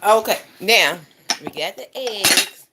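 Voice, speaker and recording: A woman's voice: mid-range voice, lively intonation, slow pace, bright, forceful tone, poor audio. A woman chatting playfully to her viewers while she cooks breakfast, in a goofy, talkative way. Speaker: home cook vlogger. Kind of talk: casual cooking chat to viewers. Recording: sizzling cooking noise behind.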